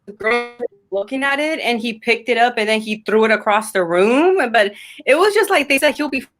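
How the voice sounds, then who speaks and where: A woman's voice: a little high, expressive, brisk, a bit bright, faint music behind. A woman co-hosting a live stream in casual chat, rambling with many fillers and frequent giggles.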